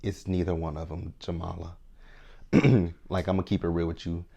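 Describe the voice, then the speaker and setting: A man in his thirties with a low-pitched, creaky, mellow, slightly rough voice recaps a TV show in a level tone at normal speed. He's frank and chatty, and "right?" keeps coming up as he checks in with viewers.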